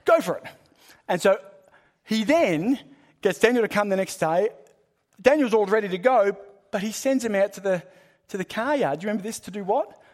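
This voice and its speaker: A man preaching a sermon, swinging between loud emphasis and hushed lines and repeating phrases for rhythm. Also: high voice, a little fast.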